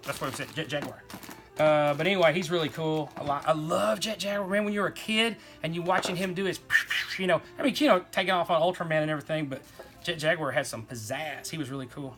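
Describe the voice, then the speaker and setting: Bright, chatty man. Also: on the high side, fast talker, soft background music. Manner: rambling, enthusiastic, folksy. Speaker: toy collector host. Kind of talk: casual show-and-tell chat.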